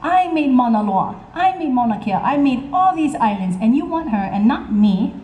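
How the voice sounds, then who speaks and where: Storyteller woman doing a high, shrill, outraged fire goddess, mellow tone, on an echoey outdoor stage. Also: sing-song, moderate pace, dull audio, a little hiss or hum. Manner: indignant shrieking outbursts. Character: proud fiery female volcano goddess, hot-tempered.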